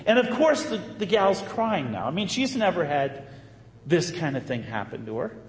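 A man, a Catholic priest, telling a story in a sermon with a lively, conversational manner and emphatic bursts. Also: a little high, moderate pace, slight background noise. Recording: echoey hall, faint ambience.

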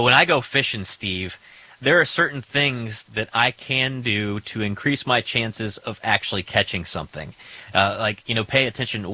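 A man hosting a radio talk show, asking his guest questions in a relaxed way full of fillers. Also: fairly low pitch, husky, low-quality recording. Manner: relaxed, thinks aloud with fillers. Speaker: host. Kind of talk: conversational radio interview.

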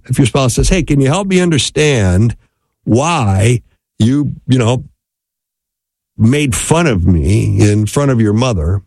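Guy with a gravelly voice teaching about marriage, chatty, keeps saying right? okay?, dry sound. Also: medium pitch, a little mellow, no echo. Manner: conversational, often checks in with "right?" and "okay?". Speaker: speaker on marriage. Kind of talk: teaching talk.

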